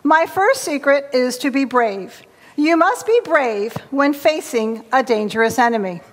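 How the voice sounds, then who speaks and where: A woman's voice: sits high, animated, measured pace. A woman voicing a wise old grandfather toad while reading a storybook to children in a church hall.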